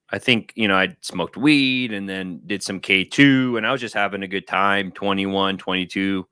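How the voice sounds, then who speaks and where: Man telling a rambling, lively story. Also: fairly low pitch, smooth, no echo, studio quality. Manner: animated, rambling storytelling with acted-out quotes. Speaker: guest. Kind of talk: casual talk on a livestream. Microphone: video call.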